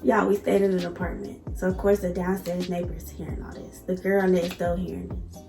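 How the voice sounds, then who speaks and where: A woman vlogger telling a personal story in an animated, emphatic way, addressing viewers directly. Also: fairly low pitch, fairly quick, creaky, reverberant, soft background music. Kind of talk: casual storytime.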